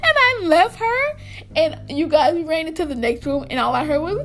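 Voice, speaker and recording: High-voiced woman telling a funny story. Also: normal speed. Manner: animated, laughs through her story, talks to viewers. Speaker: vlogger. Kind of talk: storytime vlog.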